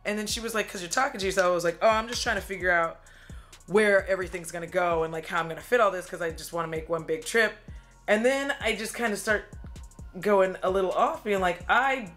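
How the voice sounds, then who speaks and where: A woman's voice: medium pitch, fast talker, a bit bright, faint music behind. A woman chatting casually while doing her makeup, telling a story, swearing and laughing as she acts out what she said at the time. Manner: chatty, swearing, laughing often, acting out her own quotes. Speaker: beauty vlogger. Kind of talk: get-ready-with-me storytime chat.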